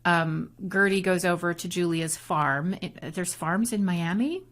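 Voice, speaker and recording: Woman podcast co-host, fairly low voice, casual chat, lively storytelling recaps. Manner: animated, storytelling, quick recaps with acted quotes. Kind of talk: casual chat reviewing reality TV.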